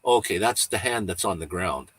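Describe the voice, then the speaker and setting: A man hosting a relaxed livestream, wandering from one thought to the next with easy chuckles. His voice sits a little low and has a husky, slightly rough edge. He sounds unhurried and chatty, like he is talking to regulars. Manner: rambling, easygoing, chuckles often. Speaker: livestream host. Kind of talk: casual livestream chat.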